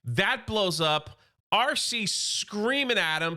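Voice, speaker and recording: A man's voice: high-pitched, lively intonation, takes it slowly, pushed and bright. A man doing a casual, enthusiastic comic book recap, loosely acting out the characters' quotes.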